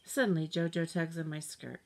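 A woman reading a children's picture book aloud in an expressive, animated storytelling voice. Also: deep voice, fairly quick, gravelly. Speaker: storybook reader.

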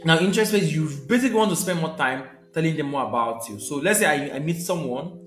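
A man's voice: fairly high pitch, animated, fast, fairly bright tone, reverberant, soft background music. A young man, teaching a live sales session in a conversational way, repeating his key points and checking in with viewers. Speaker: sales trainer.

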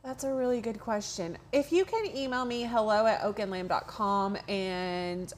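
A woman's voice: mid-range voice, moderate pace, slight background noise. A woman who owns a craft shop, hosting a live training in a friendly, casual way and answering viewer questions.

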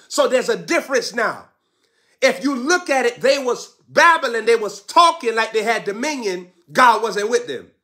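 A man's voice: very high voice, bright, forceful tone. A man preaching a fervent sermon with repeated declarations, breaking into tongues.

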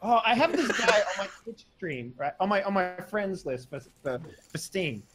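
A high, very lively man telling crude stories to friends over voice chat while playing poker. He swoops up and down as he rants. The sound is that of a home streaming mic. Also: moderate pace. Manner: crude, boisterous storyteller. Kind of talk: casual gaming chat with friends.

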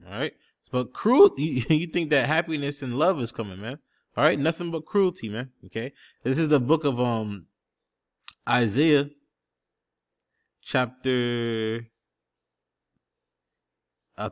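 Guy preaching scripture, punchy, keeps saying okay and man, mid pitch. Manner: emphatic, repeats "okay?" and "man" constantly; looks up word definitions on screen while talking. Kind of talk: street-style scripture teaching.

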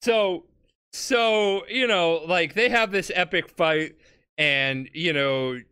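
A drunk podcast host retelling a story in an animated, comedic way, laughing, swearing and acting out characters. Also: mid-range voice, takes it slowly, clear, resonant tone.

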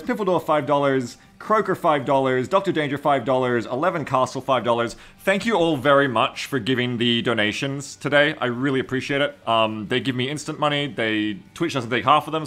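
A man's voice: mid-range voice, brisk, few pauses. A man streaming a game and casually thanking subscribers and donors by name. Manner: thanking donors warmly, reading names. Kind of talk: casual live-stream chat.

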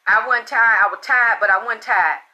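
Sharp-voiced woman, blunt and excitable. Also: fairly high pitch, normal speed, rough recording. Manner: blunt and profane, excitable, repeats herself. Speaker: spiritual reader and channel host. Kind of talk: casual storytelling monologue.

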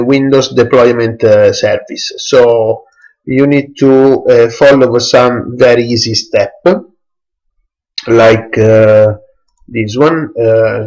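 Man, slow hesitant tutorial narrator, mouse clicks in background. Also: on the low side, gravelly, darkish tone, highs cut off. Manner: halting non-native English, many hesitations. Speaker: tech tutorial presenter. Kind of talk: screen-recorded software tutorial.

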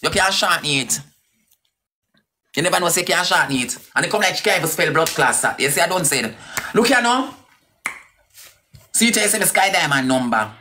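A woman's voice: lowish voice, expressive, brisk, pauses often, bright, forceful tone. A woman with a Jamaican accent ranting and cursing on a livestream, sometimes sliding into a sing-song tone. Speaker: livestream host. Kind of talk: heated livestream rant.

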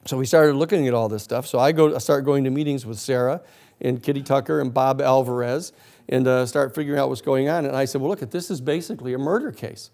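Animated male lawyer telling a story. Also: medium pitch, quick pace. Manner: animated storyteller acting out quoted voices, laughing often. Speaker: lecturer and lawyer. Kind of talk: storytelling lecture.

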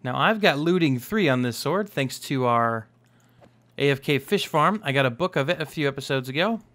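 A young man chatting casually as he narrates his own gameplay, upbeat and quick to exclaim. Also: medium pitch, expressive, fairly bright tone. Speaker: Minecraft let's play host.

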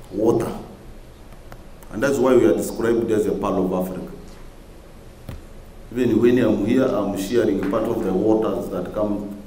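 A man's voice: fairly low pitch, a little mellow, slight background noise. A man from Uganda, a government minister, gives an oratorical conference speech and repeats key phrases for emphasis. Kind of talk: public speech to a conference audience. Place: large conference hall. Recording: echoey conference hall.

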